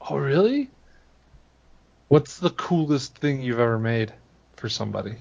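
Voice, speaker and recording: A man's voice: mid-range voice, animated, unhurried, gravelly, darkish tone. Curious young-sounding man on a dull mic. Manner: eager, curious questioning. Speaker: player. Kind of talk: playing a character in a tabletop game.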